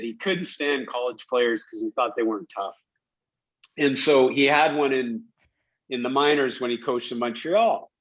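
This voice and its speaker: A middle-aged man, a guest, telling stories from his playing days in a casual, animated way, laughing as he goes. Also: medium pitch. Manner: animated storyteller who laughs while telling anecdotes. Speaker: guest, former hockey player. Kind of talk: casual storytelling. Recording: dull lo-fi audio.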